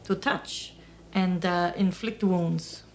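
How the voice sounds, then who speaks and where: A woman's voice: lowish voice, fairly even intonation, takes it slowly, slight background noise. A woman playing a tabletop game who politely asks the game master questions. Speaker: player.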